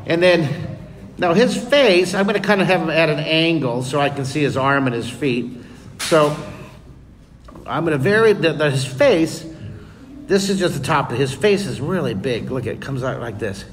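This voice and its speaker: Upbeat male art teacher, high and bright, recorded in an echoey hall. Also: lively intonation, normal speed. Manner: enthusiastic, cheering on children. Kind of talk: live drawing lesson with kids. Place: museum room with children. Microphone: leaning close to camera. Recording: echoey hall, noisy room.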